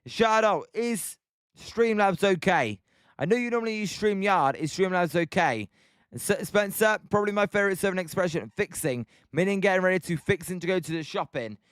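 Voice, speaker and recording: High-voiced British man calling a game. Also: lively intonation, normal speed, clear, resonant tone, dry recording, clean studio sound. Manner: chatty, answers viewer shout-outs between pitches. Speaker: live stream host. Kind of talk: live play-by-play commentary mixed with chat.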